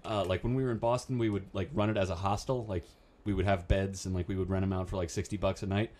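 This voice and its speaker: A man hosting a casual podcast, talking in quick, profane banter. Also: low voice, fairly even intonation, darkish tone. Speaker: podcast host. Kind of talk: casual chat.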